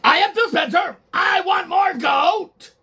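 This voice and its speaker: A man voicing a pompous male tech executive who shouts his orders and repeats his own name. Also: very high voice, level tone, normal speed, voice pushed up, full character voice. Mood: bellowing.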